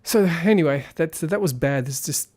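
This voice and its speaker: A man with a fairly high voice giving an unscripted film review. He rambles and thinks aloud, and his tone stays critical throughout. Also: normal speed, a little mellow. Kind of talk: casual spoken film review.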